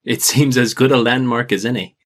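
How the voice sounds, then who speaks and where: Polite measured guy playing a tabletop rpg, mid voice. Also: medium pitch, steady tone. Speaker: player. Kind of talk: tabletop role-play.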